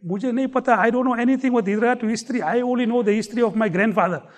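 Man doing a village boatman, wry, blunt, teasing, Hindi words mixed in, very high male voice. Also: racing. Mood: dismissive. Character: plain-spoken village boatman, middle-aged man, wry.

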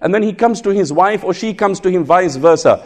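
A male preacher delivers a sermon at a brisk clip, his voice sitting fairly high. He tells stories in an animated way, acting out the people in them and rattling off quick Arabic recitations. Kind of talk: sermon on marriage with storytelling.

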